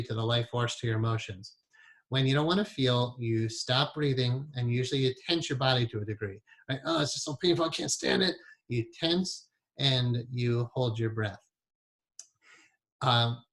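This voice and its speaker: A man teaching a hypnotherapy class in a conversational way, with frequent laughs and many asides. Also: medium pitch.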